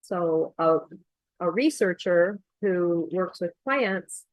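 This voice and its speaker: Low-voiced woman explaining a lesson. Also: slow pace, dry recording, rough recording. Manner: explanatory, steady, with frequent ums. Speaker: accent coach. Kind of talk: screen-share tutorial walkthrough.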